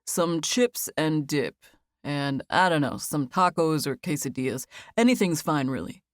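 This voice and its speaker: Audiobook role: woman reads an easygoing young man who teases fondly; low voice, dry booth. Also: expressive, unhurried, dry recording.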